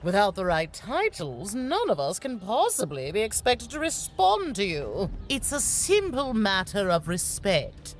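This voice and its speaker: A woman's voice: medium pitch, wildly swooping pitch, a little slow, hardly any pauses, a little hiss or hum. An actress playing a snobbish aristocratic lady in a video game, scornfully scolding someone about titles and manners. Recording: game audio with music behind.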